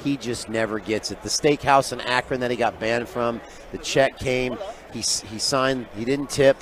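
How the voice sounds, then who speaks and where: A man who is a sports handicapper, telling an animated story as a guest on live sports radio and acting out the people he quotes. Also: mid-range voice, moderate pace. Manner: lively raconteur who acts out quoted voices, often trailing off quietly. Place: live broadcast booth at a radio event.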